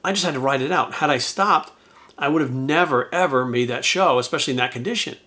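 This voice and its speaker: Fast-talking, bright-voiced candid man. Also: medium pitch. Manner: candid, profane and rambling, with frequent restarts. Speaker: YouTuber and retired bodybuilder. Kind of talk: casual storytelling to camera.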